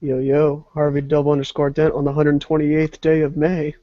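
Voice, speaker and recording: A man speaks in a flat, even deadpan, teasing his co-hosts in casual podcast banter. His voice is dry and close, heard through dull video call audio. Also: a little high, normal speed, dry recording. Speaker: podcast panelist.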